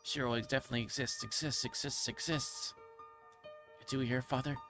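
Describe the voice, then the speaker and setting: A man's voice: lowish voice, fairly even intonation, moderate pace, a bit bright, faint music behind, natural voice. A man streamer reading aloud as a delirious, guilt-ridden young girl, repeating himself in anguish and stumbling over a few words. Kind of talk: dramatic reading of game text.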